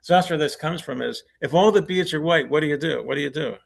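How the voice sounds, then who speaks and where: A man's voice: fairly high pitch, fast, creaky. A man presenting at a forum, telling anecdotes in a loose conversational way, chuckling at his own punchlines. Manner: conversational with restarts. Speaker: conference presenter. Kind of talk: anecdotal lecture.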